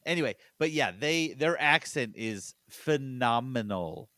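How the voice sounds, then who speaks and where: A man's voice: mid-range voice, lively intonation, a little slow, pushed and bright, dry recording. A man in easy, casual podcast chat, chatty and prone to laughing while he retells things. His voice sits in the middle of the male range. The sound is dry and close, with no room around it. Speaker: podcast host.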